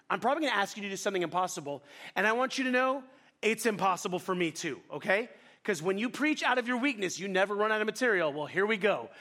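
Middle-aged man preaching, high-pitched, quick and animated, self-deprecating storyteller. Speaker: pastor. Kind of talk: sermon.

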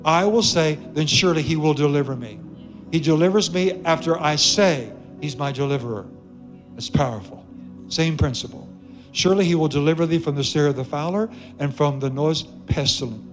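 A man's voice: fairly high pitch, moderate pace, music in the background. A man preaching a sermon to a church congregation, emphatic and joking, repeating key phrases for weight. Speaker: pastor.

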